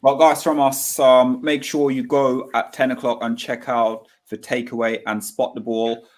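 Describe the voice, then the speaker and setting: A man hosting a casual live-stream football chat. His voice sits at an ordinary middle pitch, and he keeps repeating his thanks and praise in an eager, effusive way. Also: flat delivery, a little slow. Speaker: host of a live football fan show.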